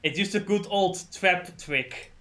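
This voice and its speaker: A man's voice: high-pitched, takes it slowly, a bit bright. A man chatting casually during a game livestream, rambling, swearing often and stumbling over names. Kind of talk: casual gaming stream chat.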